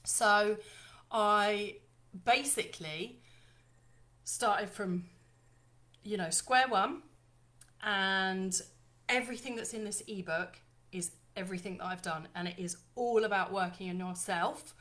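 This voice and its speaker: Bubbly lady chatting away on her live, bright tense voice. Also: mid-range voice, slow, pauses often. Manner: chatty, bubbly, apologetic, addresses viewers as lovely ladies. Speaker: live-stream host launching her ebook. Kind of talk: casual live-stream chat.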